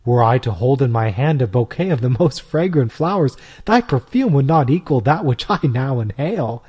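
A man reading aloud, voicing an eager young male Roman pagan who asks excited, pleading questions. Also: medium pitch, normal speed, slightly rough. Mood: eager wonder. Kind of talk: storybook reading.

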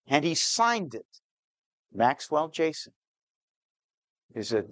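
A man's voice: on the high side, big pitch swings, a bit bright, no echo. Man telling a story, dramatic pacing. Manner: shifts pace, slows on key details, plays the people in the story.

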